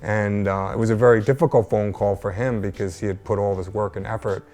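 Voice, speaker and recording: A man with a low voice tells his personal faith testimony as an interview guest. He speaks earnestly and slips into the voices of the people he quotes. Soft music plays faintly underneath. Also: steady tone, brisk.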